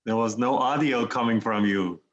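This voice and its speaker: A man's voice: medium pitch, normal speed, muffled recording. Man talking plainly on a call. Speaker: participant. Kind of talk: casual remarks on a video call. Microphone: video call.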